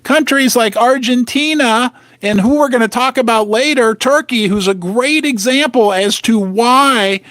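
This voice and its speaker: A man's voice: very high voice, a little slow, fairly bright tone, no room sound, clean studio sound. A man hosting his own channel, talking in an emphatic, casual monologue full of rhetorical questions and jokey asides. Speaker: host of a precious metals channel. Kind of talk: animated casual monologue to camera.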